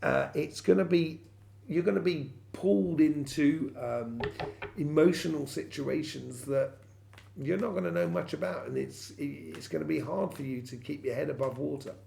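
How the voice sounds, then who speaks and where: A man's voice: on the high side, normal speed, vocal fry, dark tone, a little hiss or hum. A man giving a weekly tarot reading straight to his viewers, rambling with many fillers and restarts. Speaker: tarot reader.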